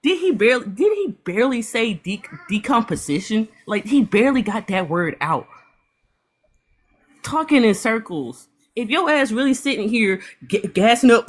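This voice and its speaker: A woman giving heated reaction commentary, ranting fast and full of swearing, upset and apologizing. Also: on the high side, animated. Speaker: panelist.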